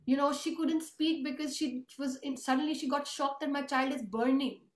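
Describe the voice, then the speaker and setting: A woman's voice: high-pitched, fairly even intonation, normal speed. A woman telling an emotional family story in earnest, conversational tones during an interview. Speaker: host and author. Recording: roomy echo.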